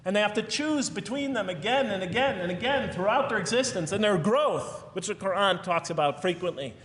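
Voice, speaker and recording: A man's voice: high-pitched, animated, fairly quick, a bit bright, big-room sound. A man giving an earnest, reflective lecture that rises to emphatic points.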